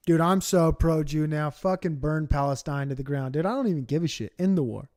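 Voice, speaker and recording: Male streamer, high voice, profane rambling rant, live reaction. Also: a little fast, few pauses, a little mellow. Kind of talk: livestream reaction commentary.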